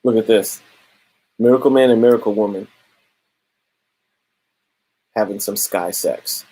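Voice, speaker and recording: A young man talks through a comic book in a loose, slangy review. His voice sits low with a husky edge. He paraphrases the panels in a casual, unhurried way. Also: mellow, poor audio. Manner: laid-back slangy, drops "bro" and "straight up".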